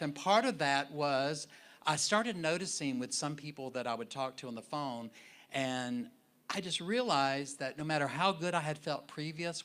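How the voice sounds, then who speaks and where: Male minister, bright voice, chatty sermon storytelling in a church sanctuary. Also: on the high side. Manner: warm conversational storyteller, animated in retellings.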